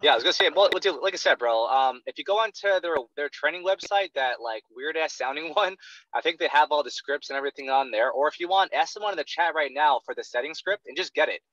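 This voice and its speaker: A man coaching a salesperson in a blunt, intense way that is full of swearing. His voice is bright and forceful and sits a little high. The sound is dry and slightly dull, like an online call. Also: lively intonation, quick pace, no room sound. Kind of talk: blunt coaching role-play session.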